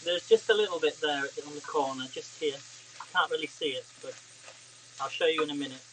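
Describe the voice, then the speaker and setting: A chatty man talks his viewers through a recipe in a live stream from his home kitchen. His voice sits a little high for a man. A faint sizzle runs under his easygoing commentary. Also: a little fast, bright, forceful tone, slight background noise, rough recording. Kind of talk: casual live cooking chat.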